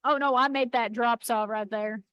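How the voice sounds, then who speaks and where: A woman's voice: on the high side, steady tone, moderate pace, smooth, dry recording, lo-fi sound. A woman with a Boston accent co-hosting a casual live stream, playful and teasing. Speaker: co-host of a live rock-cutting stream.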